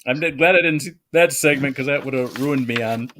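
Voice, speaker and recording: A man hosting a podcast, dropping quick interjections and laughing along in casual chat. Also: medium pitch, a bit bright, a little hiss or hum. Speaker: podcast host.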